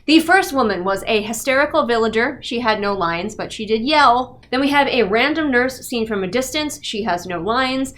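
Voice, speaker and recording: A woman's voice: a little high, lively intonation, normal speed, few pauses, a bit bright. A woman giving a casual, sarcastic and exasperated book review rant.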